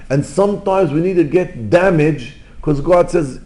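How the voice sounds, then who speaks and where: A rabbi giving an informal Torah lesson in English, mixing in terms and telling stories, jumping between loud exclamations and quiet asides. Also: male voice, fairly high pitch, measured pace, hardly any pauses. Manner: non-native English with Hebrew terms. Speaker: rabbi teaching.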